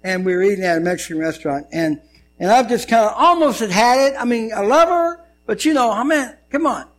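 A man preaching a sermon, telling a story and swinging between loud and hushed delivery. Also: high voice, lively intonation, a little fast, rough recording. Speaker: pastor.

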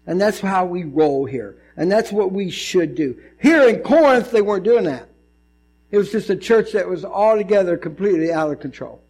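A male pastor giving a conversational, animated sermon, often acting out voices in his stories. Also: high voice, normal speed, husky.

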